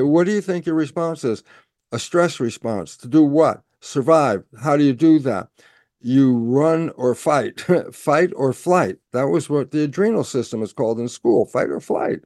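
Man with a slightly high voice, recorded dry; lectures in a conversational way, restarts words, quizzes himself. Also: darkish tone, no echo. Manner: conversational lecturing, plays out both sides of a dialogue; repeats words and restarts, asks and answers his own questions. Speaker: speaker explaining stress biology. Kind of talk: explanatory talk.

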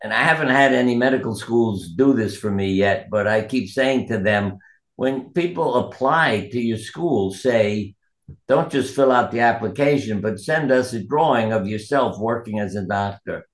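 In an echoey room, a man of medium pitch speaks at a moderate pace. He's a doctor and author sharing earnest, reflective interview stories from his practice, quoting the people he describes.

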